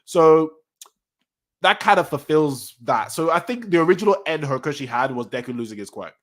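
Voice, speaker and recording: A man streaming a casual manga reaction, rambling excitedly and correcting himself as he goes. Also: on the high side, brisk. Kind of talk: casual live-stream talk.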